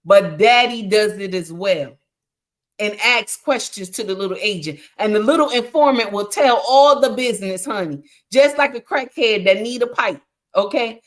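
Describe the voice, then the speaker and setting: A woman hosting a casual livestream on relationships, speaking in an animated, preachy way, often calling listeners honey and answering chat comments. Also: mid-range voice, moderate pace. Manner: reacts to chat comments while talking. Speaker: livestream relationship advice host.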